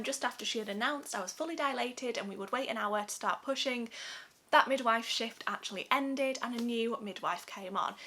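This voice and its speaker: A young woman from England talks to camera in a casual, heartfelt vlog. Her voice is bright and a touch high. She is chatty and open, laughing easily as she tells the story. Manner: chatty, emotional, laughs often. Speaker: vlogger.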